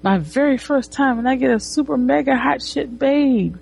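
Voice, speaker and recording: A woman voicing an excitable, naive nerdy young man in high, squealing exclamations while retelling a comic. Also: normal speed, creaky, breathy edge, heavily acted.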